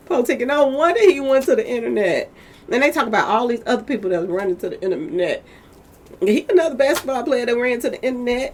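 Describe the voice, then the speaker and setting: A commentary vlogger with a slightly squeaky voice gives a casual, candid, colloquial monologue, laughing often and repeatedly asking her viewers "okay, y'all?". She's expressive and brisk, and there's a little hiss or hum on the audio.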